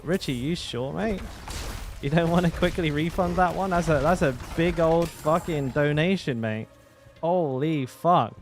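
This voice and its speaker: A man's voice: a little high, a little slow, faint music behind. A man chatting casually to his live-stream audience while he plays a game, swearing freely, laughing, and often trailing off mid-sentence.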